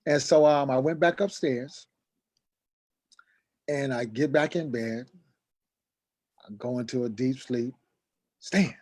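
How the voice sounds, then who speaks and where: Middle-aged male guest, mid-pitched, story-driven delivery, acts out voices, spikes high when agitated. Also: slow pace, long pauses, darkish tone. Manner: acts out quoted dialogue, voice rising sharply when agitated. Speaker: guest telling a personal story. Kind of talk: animated storytelling.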